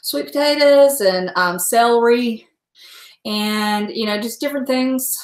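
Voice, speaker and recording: A woman talks loosely and frankly at home while she cooks for her viewers, with a salty word now and then. Her voice sits a touch high. The room around her is echoey. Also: measured pace. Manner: chatty, rambling, frank and salty. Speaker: home cook livestreaming. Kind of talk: casual chat while cooking.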